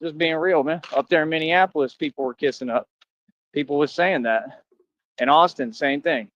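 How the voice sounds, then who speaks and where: A man's voice: a little high, normal speed, a bit bright, no echo, muffled recording. A man livestreaming, talking to his viewers in a boastful, confrontational rambling monologue with slangy street talk.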